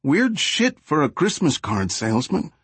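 A man voicing a panicky young male gang member who pleads and babbles in a high, strained voice. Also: wildly swooping pitch, a bit bright, slightly rough, no room sound, full character voice. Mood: defensive. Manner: pleading, fast and high-pitched.

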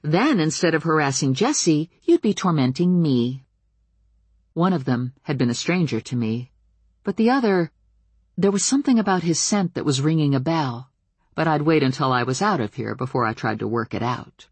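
A woman narrating a first-person novel with wry, expressive storytelling. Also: a bass voice, brisk, husky, dry recording. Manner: wry, expressive storytelling with lively voiced dialogue. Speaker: audiobook narrator.

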